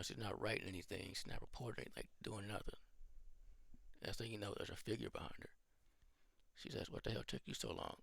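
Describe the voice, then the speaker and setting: A man casually rambling through his own film pitch as a channel host, thinking aloud as he goes. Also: creaky, fairly bright tone, dry recording.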